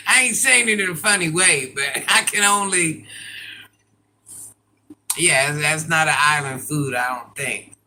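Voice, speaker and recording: An older woman chatting casually on a live stream, laughing often and breaking into loud exclamations. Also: deep voice, unhurried, pauses often, slight background noise, low-quality recording. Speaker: livestreamer.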